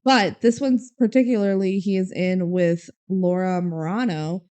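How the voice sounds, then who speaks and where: A woman's voice: mid-range voice, fairly even intonation, unhurried, mellow, clear, resonant tone. A young woman from Minnesota co-hosting a podcast, chatting casually with frequent laughs and fillers. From Minnesota, USA. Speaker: podcast co-host. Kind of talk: casual chat.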